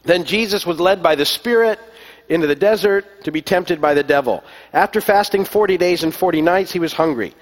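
A man preaching a sermon as pastor, telling stories in a relaxed way with many fillers and restarts. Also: high voice, a little fast. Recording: long echo of a large hall.

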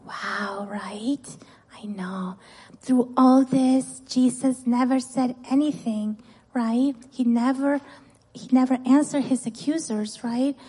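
A woman leads a children's lesson in church, retelling a Bible story with eager questions to her young listeners. Her voice is a little high and has a breathy, husky edge. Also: unhurried, rough recording. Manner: animated, keeps asking "right?" and "guess what?". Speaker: children's ministry teacher.

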